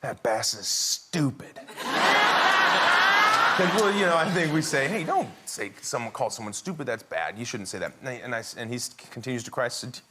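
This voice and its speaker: A man on a talk show, telling a comic anecdote with lively laughter and acting out the voices in it. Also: medium pitch, quick pace, few pauses, heavy background noise. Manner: animated storyteller, laughs through lines, acts out his son's and his own words. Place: TV studio with a live audience.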